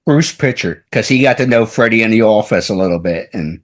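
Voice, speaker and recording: A man's voice: lowish voice, expressive, brisk. Rambling male radio host. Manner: rambling, full of fillers and restarts. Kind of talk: casual interview chat.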